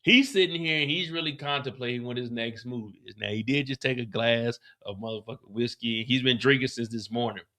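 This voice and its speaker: A man hosting a live stream, recapping a TV episode in a casual, profane, animated way. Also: medium pitch, brisk, hardly any pauses.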